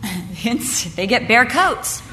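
An older woman telling a family story and preaching at a women's Christmas event, moving from lively storytelling into earnest preaching. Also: fairly high pitch, drawn-out words. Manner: animated storytelling, acting out family voices, then earnest preaching. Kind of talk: storytelling sermon. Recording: reverberant hall with faint background noise.

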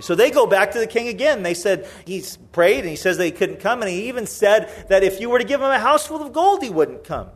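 A man's voice: high voice, expressive, brisk, few pauses. A middle-aged man preaching a sermon, telling the story with humor and acting out the voices. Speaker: pastor.

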